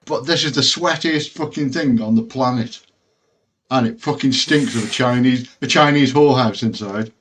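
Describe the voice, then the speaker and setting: A man's voice: mid-range voice, normal speed, fairly bright tone. A man chatting as a guest on a live stream, swearing and rambling. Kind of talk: casual live-stream chat.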